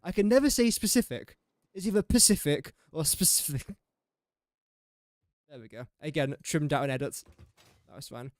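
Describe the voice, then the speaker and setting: Pausing often at a normal speed, a young English man with a fairly high, sing-song voice rambles casually while livestreaming a building game. He laughs at his own slips and mocks himself with frequent chuckles. The recording is dry and studio grade.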